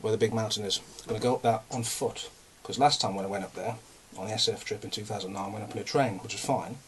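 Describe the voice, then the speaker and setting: The voice belongs to a young English vlogger: fairly low in pitch, fast, with fairly even intonation and a little hiss or hum. He talks in a casual, rambling, chatty way, ranting and mocking himself while somewhat out of breath.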